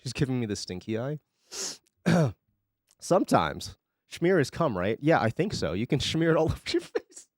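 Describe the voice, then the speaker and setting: A man's voice: mid-range voice, big pitch swings, normal speed, no room sound. Brief: young male streamer, ranting casually and sarcastically, bouncy tone, dry close mic. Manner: sarcastic, profane, rambling. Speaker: live streamer. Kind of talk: casual chat on a live stream.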